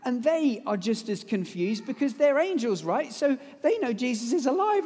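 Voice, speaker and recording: A man preaching a lively, conversational sermon that retells a story, with casual asides. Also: extremely high pitch, moderate pace, few pauses. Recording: long hall reverb.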